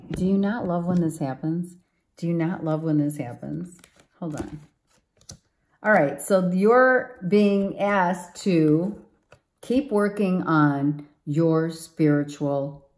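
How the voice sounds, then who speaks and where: A woman's voice: deep voice, warm tone. A woman giving a tarot reading to viewers, emphatic and exclaiming, often repeating herself. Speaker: tarot reader.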